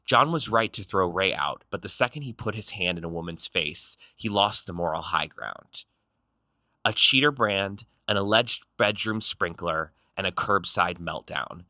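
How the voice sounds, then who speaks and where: A man's voice: low-pitched, lively intonation, bright, forceful tone, dry recording. A man narrating a reality show recap in a snarky, punchy scripted style. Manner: snarky, punchy, quick quips.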